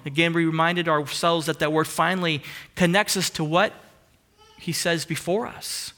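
A man preaching a sermon earnestly, asking rising emphatic questions and dropping into soft hushed asides. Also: fairly high pitch, fairly even intonation, moderate pace. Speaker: pastor.

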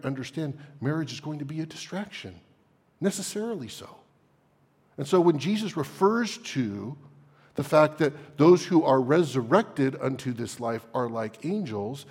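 A man's voice: medium pitch, darkish tone, husky, in a large hall. A man preaching an expository sermon, teaching verse by verse, asking rhetorical questions and stressing key phrases. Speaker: pastor.

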